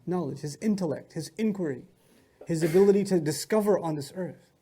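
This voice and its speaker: A man teaching Quran commentary in an animated lecture, asking rhetorical questions and retelling stories with humor. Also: fairly high pitch, brisk, slight background noise. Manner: animated, asks rhetorical questions and answers them.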